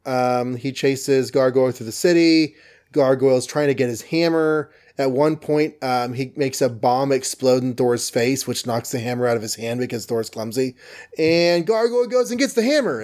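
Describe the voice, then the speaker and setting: A man casually recapping a comic book story in an animated, rambling way. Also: medium pitch, moderate pace.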